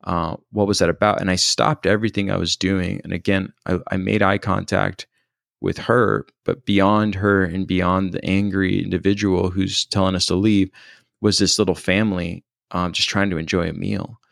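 A man with a very low voice full of gravelly fry talks through a personal story. He is thoughtful and hesitant, often pausing and restarting. The recording is dry and close. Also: little pitch movement, a bit bright, no echo. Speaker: storyteller recounting a personal experience.

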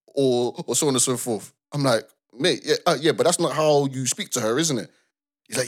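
A young man chats on a podcast. He tells the story in an animated way, acts out what people said, and repeats his words as he goes. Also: a little high, brisk. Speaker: podcast co-host. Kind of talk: casual chat.

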